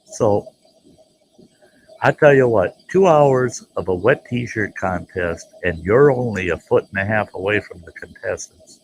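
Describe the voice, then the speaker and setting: Gravelly low-voiced man telling a story. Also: unhurried, a little hiss or hum, rough recording. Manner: folksy, animated, jumps into voices for the people he quotes. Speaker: storyteller host. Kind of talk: casual spoken storytelling.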